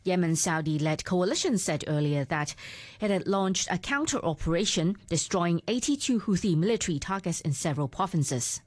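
A woman reporter reading a scripted news report in a crisp, even way. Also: fairly low pitch, normal speed, no room sound.

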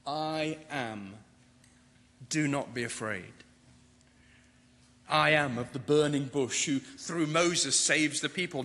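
A man preaching a sermon, building through repeated phrases and slowing down for emphasis. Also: fairly high pitch, bright, forceful tone. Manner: rhetorical, building repetition with slowed emphasis. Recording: long reverb of a large hall.

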